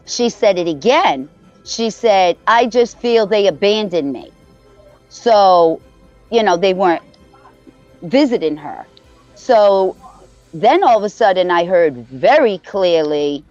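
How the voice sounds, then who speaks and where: A woman's voice: mid-range voice, darkish tone, highs cut off. A woman calling in and telling a story in a chatty, rambling way, often laughing as she talks. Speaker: caller sharing a story. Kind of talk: casual storytelling.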